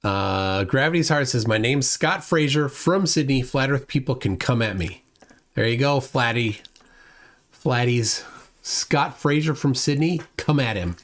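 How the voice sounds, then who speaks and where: Middle-aged male streamer, casual chat reading comments, rambly, mid-pitched voice. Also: lively intonation, unhurried. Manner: rambling, reads chat aloud, restarts often. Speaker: livestream host.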